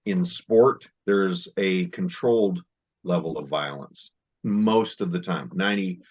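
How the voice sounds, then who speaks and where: Guest instructor, man, low voice, measured and emphatic, muffled lo-fi sound. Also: a little mellow, breathy edge. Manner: measured, emphatic, restarts often. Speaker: guest martial arts instructor. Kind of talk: interview answers.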